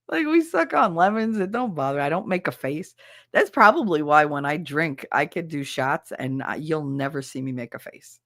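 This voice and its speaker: A woman's voice: low-pitched, animated, normal speed, a bit bright, no echo. Chatty woman telling stories, dry sound. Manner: storytelling, laughs often, acts out quoted people. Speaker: streamer. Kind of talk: casual chat while doing a task.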